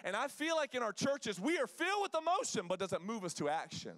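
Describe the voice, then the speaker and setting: A man preaching a passionate sermon as pastor, calling out to his congregation and building to loud peaks. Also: very high voice, sing-song, fast. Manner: impassioned, rising to loud peaks, call-and-response with congregation.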